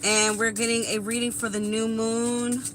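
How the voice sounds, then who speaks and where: This tarot reader, a woman in her thirties, addresses her viewers bluntly and profanely during a casual live reading. She sits on the high side with little pitch movement and a moderate pace, captured in a rough recording with slight hiss or hum.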